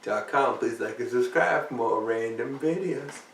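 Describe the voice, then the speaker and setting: A tired man rambles slowly through a casual vlog, cursing and cracking jokes as he goes. His voice sits back from the mic and echoes around the room. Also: mid-range voice, fairly bright tone, a little hiss or hum. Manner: rambling, profane and jokey. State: tired, yawning. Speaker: vlogger. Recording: roomy, mic far off.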